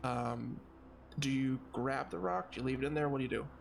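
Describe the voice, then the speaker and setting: A man's voice: medium pitch, fairly even intonation, fairly quick, gravelly, slight background noise. A man running a tabletop game as game master, describing scenes in a matter-of-fact way.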